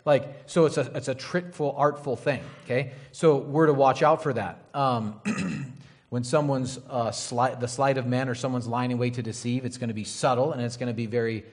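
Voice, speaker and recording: A man's voice: medium pitch, fairly even intonation, moderate pace. A man preaching a conversational Bible sermon, casual and rambling, often checking in with "right?". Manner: casual, rambling, frequent "right?" and "you know".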